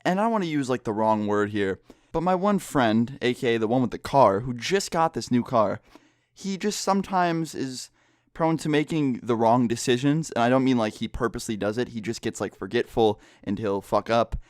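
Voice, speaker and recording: A man's voice: medium pitch, expressive, normal speed, no echo, studio quality. A young man telling a story on his vlog, keeping his voice down indoors, casual and full of swearing and filler words. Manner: speaks quietly, holding his voice down; loose and profane, lots of filler words. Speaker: vlogger. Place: indoor room with people next door.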